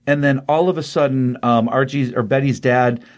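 A medium-pitched male voice with fairly even intonation moves at a normal speed. He's a middle-aged podcast co-host reviewing comics, casually recounting plots in chatty talk with frequent fillers.

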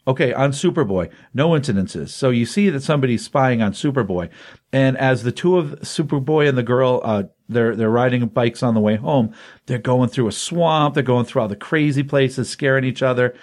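A man hosting a comics podcast and retelling a comic book story in a loose, conversational way, dipping in and out of quoted lines. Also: mid-range voice. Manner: animated storytelling with quick voiced quotes.

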